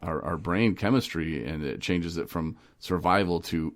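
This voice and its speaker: A man hosting a casual podcast, telling stories with animated energy, laughing often and slipping into voices. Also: sits low, normal speed. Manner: animated storyteller who laughs and slips into voices. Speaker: podcast host. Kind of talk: casual recovery podcast chat.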